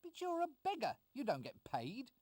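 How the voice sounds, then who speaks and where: An actor voicing a hapless young male wizard in a video game, chatty and wry with quick retorts. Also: extremely high pitch, wildly swooping pitch, darkish tone, dry recording, clean studio sound, full character voice.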